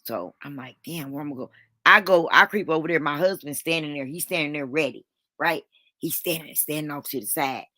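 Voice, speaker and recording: Casting: a lowish, bright-voiced woman vlogger, dramatic storyteller with salty language. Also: brisk, no room sound. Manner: dramatic, swears freely, talks to viewers as "honey". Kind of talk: animated storytelling.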